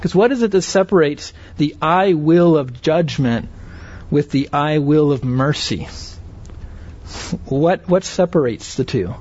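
A man teaching a Bible lesson in an earnest, explanatory way, often checking that listeners follow with quick rhetorical questions. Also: fairly high pitch, animated, a little mellow, breathy edge. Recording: dry, slightly dull lo-fi recording.

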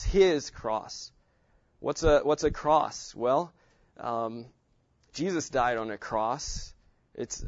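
A man teaching how to meditate on Scripture, thinking aloud and stressing single words of a passage as he reads it slowly. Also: medium pitch, dry recording, lo-fi sound. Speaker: Bible teacher.

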